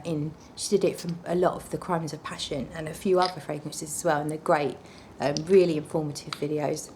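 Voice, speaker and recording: A woman's voice: low-pitched, a little hiss or hum. A woman reviewing perfumes in a casual vlog, chatty and gushing with blunt, apologetic asides.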